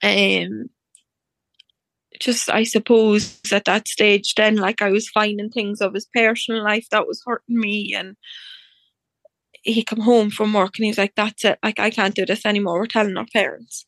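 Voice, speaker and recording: Woman telling her story, pretty flat delivery, lots of "like", acts out the dialogue, dry close sound. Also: mid-range voice, normal speed, dry recording. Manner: chatty, acts out reported dialogue, many fillers like "like". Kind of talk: personal storytelling.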